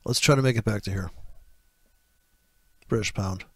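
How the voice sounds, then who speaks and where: A man giving excitable, profane live trading commentary, thinking out loud as he places orders. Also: on the low side, normal speed, no echo, studio quality. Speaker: forex trader.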